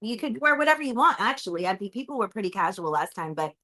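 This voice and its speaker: A woman's voice: medium pitch, sing-song, fast, sharp tone. A woman co-hosting a casual live chat in a restaurant, reading viewer comments aloud and laughing easily.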